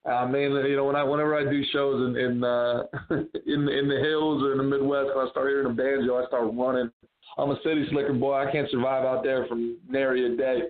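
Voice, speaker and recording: A man's voice: medium pitch, level tone, a little fast. A man from New Jersey, a guest comedian in a casual chat, talking loosely with lots of "man" and "you know". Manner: chatty, lots of fillers like "man". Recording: tinny phone-like line.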